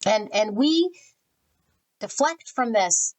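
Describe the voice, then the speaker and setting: Recorded in low quality, a woman of medium pitch speaking at normal speed gives a general pick-a-card tarot reading. As a tarot reader she's blunt and spiritual, channeling energy and naming the cards she draws.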